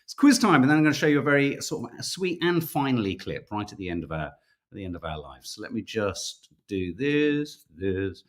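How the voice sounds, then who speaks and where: A man's voice: fairly low pitch, big pitch swings, a little fast. Chatty British man hosting a quiz. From United Kingdom. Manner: chatty, self-mocking, stumbles over names. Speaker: podcast co-host running a viewer quiz. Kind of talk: casual live-stream chat.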